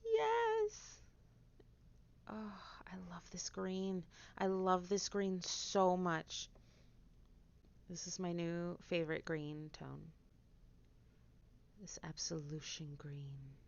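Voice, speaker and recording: A woman streaming as she paints a miniature, chatting casually with viewers and slipping into quiet whispers as she concentrates. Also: lowish voice, flat delivery, takes it slowly, gravelly, long pauses, highs cut off. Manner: chatty, drifts into soft whispers while concentrating. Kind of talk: casual livestream chat while painting.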